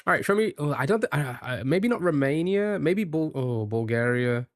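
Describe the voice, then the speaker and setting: A UK man live streams and chats casually, thinking aloud as he guesses and jokes with his chat. His slightly high voice has lively intonation at a normal speed, with clean studio sound and no room noise.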